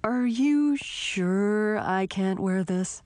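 A woman's voice: medium pitch, normal speed, a little mellow, no room sound, lightly acted. Grumbling, petulant male knight, as a woman reads him. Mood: confiding. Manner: petulant, complaining.

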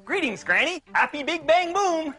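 An actor voicing an excitable jolly male clown in a cartoon. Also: extremely high pitch, normal speed, soft background music, full character voice. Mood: excited. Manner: excitable and exclaiming.

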